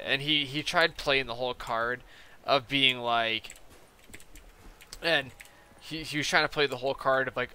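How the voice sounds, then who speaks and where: A man's voice: medium pitch, fairly even intonation, moderate pace, pauses often, sharp tone, slight background noise. A young man chatting casually on a gaming live stream, rambling through a story full of fillers and quoted back-and-forth. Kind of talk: casual live-stream chat while playing.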